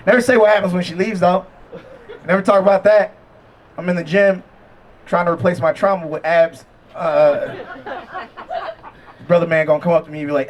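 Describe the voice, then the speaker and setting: A man's voice: fairly high pitch, brisk. A man performing a stand-up set at an outdoor backyard show, talking conversationally and mocking himself between punchlines. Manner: conversational, self-deprecating punchline delivery with crowd asides. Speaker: stand-up comedian.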